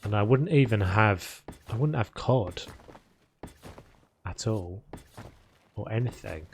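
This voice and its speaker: A man's voice: fairly low pitch, animated, takes it slowly, a little mellow, slight background noise. A man streaming a video game, chatting casually and rambling between topics as he builds. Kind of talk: casual chat while playing.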